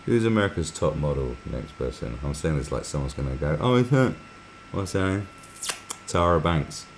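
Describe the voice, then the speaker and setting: Male streamer, booming low register, animated delivery, rambles and swears freely. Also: normal speed, gravelly, a little hiss or hum. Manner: sweary, restless, often breaks into mocking impressions. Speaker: live stream host. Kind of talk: casual rambling commentary.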